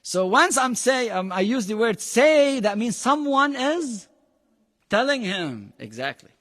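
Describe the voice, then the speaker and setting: Speaking in a very high, sing-song, slightly slow voice with a fairly bright tone, this man leads a Quran lesson that sounds like it's in a big room. A native Arabic speaker, he mixes phrases into his English, stresses points emphatically, and keeps quizzing his students.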